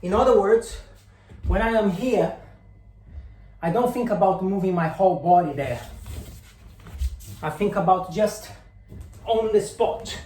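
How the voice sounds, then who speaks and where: A man's voice: high voice, a little slow, long pauses, a little mellow. A man teaching capoeira, counting and calling out the moves as he demonstrates them, drifting on and off the mic as he moves. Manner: drifts on and off mic while moving. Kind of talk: instructional demonstration. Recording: echoey room, faint noise.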